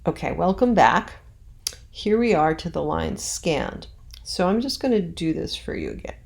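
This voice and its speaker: Chatty woman teacher with a gravelly low voice. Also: animated, normal speed. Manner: casual and chatty, many fillers, reads verse aloud with exaggerated stresses. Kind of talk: recorded classroom lesson on poetic meter.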